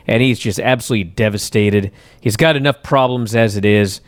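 A man hosting a wrestling talk show, telling stories at length in a casual, animated way. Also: lowish voice, brisk, no echo. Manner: animated storyteller, recaps at length. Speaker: wrestling radio show host.

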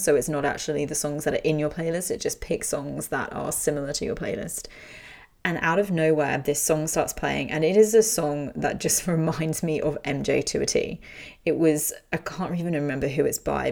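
A woman's voice: low voice, gravelly, darkish tone. A young adult woman candidly telling an emotional personal story, speaking frankly and swearing freely.

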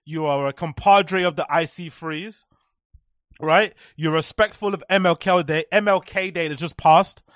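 A man's voice: a little high, moderate pace, fairly bright tone, no room sound, studio quality. A young man hosting a live stream, ranting sarcastically with lots of swearing and repetition. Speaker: live-stream commentary host. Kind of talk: profane ranting commentary.

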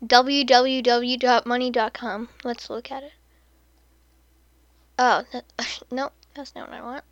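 A woman hosting a podcast in casual commentary, sarcastic, laughing often and dropping into soft muttered asides. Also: fairly high pitch, level tone, measured pace, dry recording, muffled recording. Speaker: podcast host.

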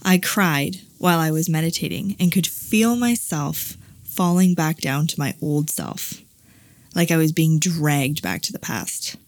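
A woman's voice: low voice, measured pace, no echo. A woman co-hosting a podcast, speaking candidly and confessionally, often reading aloud from her journal. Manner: open, confessional, with many "like" fillers. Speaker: podcast co-host.

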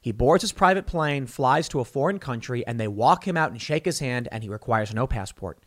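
A man's voice: mid-range voice, lively intonation, a little fast. A man hosting a solo political commentary show, talking in an opinionated, conversational way with emphatic stresses and frequent restarts.

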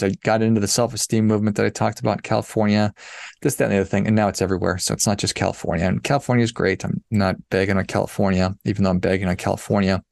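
A middle-aged man with a low, gravelly voice tells a story as a podcast host. He sounds animated and exasperated, with a dry, close sound. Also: no room sound. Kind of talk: casual storytelling monologue.

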